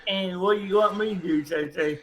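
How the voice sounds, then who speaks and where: A man playing along with a friend puts short, plain questions to him over voice chat. His voice is high and bright. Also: brisk, slight background noise, rough recording. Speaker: fellow player. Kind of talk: casual voice chat.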